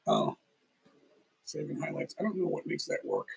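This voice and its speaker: A man's voice: on the high side, huge pitch swings, normal speed, vocal fry, slightly rough, poor audio. A middle-aged man hosting a phone livestream, chatting in a meandering way, eating as he talks, sounding tired. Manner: meandering, talks while eating, restarts often. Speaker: livestream host. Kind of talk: rambling casual livestream chat.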